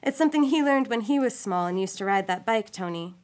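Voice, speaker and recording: A woman's voice: medium pitch, lively intonation, a little fast, a little mellow, natural voice. A woman reading as a joking male cop. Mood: matter-of-fact. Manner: joking, chatty, then matter-of-fact. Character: wisecracking male police officer, adult. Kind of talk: reading a short story aloud.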